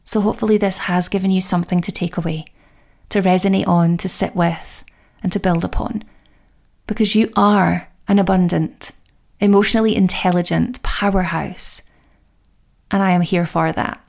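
A woman with a fairly low voice and a gravelly, fry-heavy edge delivers a self-help podcast monologue. She speaks slowly and deliberately. She coaches the listener with steady affirmations. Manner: warm encouraging affirmations, slow deliberate phrasing.

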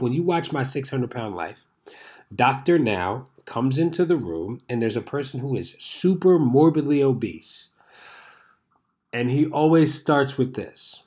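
A man's voice: medium pitch, a little mellow. A man in his thirties hosting a show, talking in a rambling, conversational way and swearing freely. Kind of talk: casual monologue.

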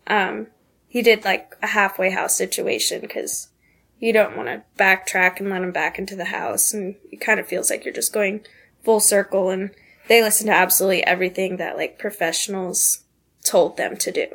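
A woman in her twenties from the southeastern United States, a podcast guest sharing a candid personal story, earnest and halting, with many pauses and fillers. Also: medium pitch, fairly even intonation, gravelly, fairly bright tone.

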